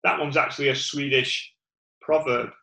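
A man's voice: mid-range voice, steady tone, normal speed, bright, forceful tone, reverberant, rough recording. Northern English man preaching, rambling. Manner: rambling, many fillers and restarts. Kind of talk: informal sermon.

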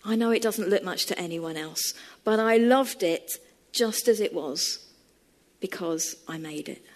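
A woman's voice: a little slow, lightly acted. A woman voicing an upset young woman, heartbroken and tearful over a broken keepsake, in a sermon story. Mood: wistful. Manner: high, tearful and pleading.

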